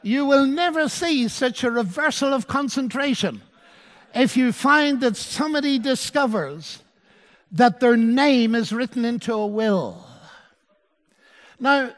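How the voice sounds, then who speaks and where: A man preaching a sermon, measured and dwelling on key words. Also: very high voice, in a large hall.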